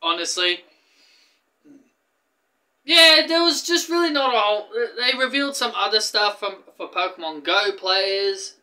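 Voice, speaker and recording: A man hosting a casual gaming news vlog, excitable and rambling, often restarting his sentences. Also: high voice, a little slow, pauses often. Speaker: gaming YouTuber.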